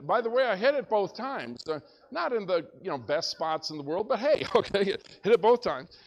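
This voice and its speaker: Animated storytelling pastor with a higher voice. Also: male voice, normal speed. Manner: animated storyteller, shouts when excited. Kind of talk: storytelling sermon. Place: church sanctuary.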